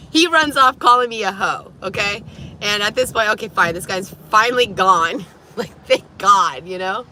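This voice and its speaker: Woman vlogging from her car, bright voice, swears a lot, keeps laughing and coughing. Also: mid-range voice, unhurried, a little hiss or hum. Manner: animated, laughing, profane retelling. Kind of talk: casual storytelling to camera.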